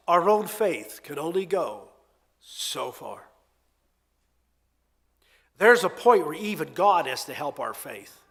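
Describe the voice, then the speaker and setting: A man preaching a sermon in an expressive, conversational storytelling way with emphatic swings. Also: on the high side. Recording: long hall reverb.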